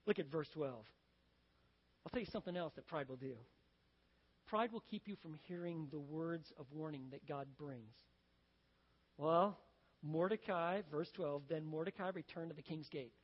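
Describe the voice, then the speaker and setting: High-voiced preacher in a reverberant hall. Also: male voice, normal speed, long pauses, husky. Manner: conversational, storytelling preacher who acts out scenes. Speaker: pastor. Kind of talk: sermon. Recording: dull sound with long reverb.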